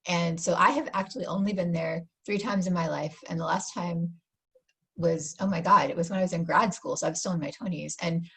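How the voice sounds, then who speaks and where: A woman's voice: lowish voice, fairly even intonation, breathy edge. A woman in her forties, an author, chatting enthusiastically on a video call and often restarting her sentences. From United States. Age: 40s. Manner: warm, enthusiastic, talks in quick restarts. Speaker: author guest. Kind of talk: casual interview chat.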